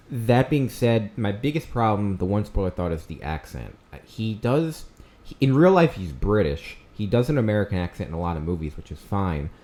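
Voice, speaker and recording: A man's voice: low voice, mellow. A man in his thirties hosting a casual movie review, talking off the cuff with fillers and restarts and pushing up on words he stresses. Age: 30s. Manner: conversational, frequent fillers and restarts, emphatic rises on key words.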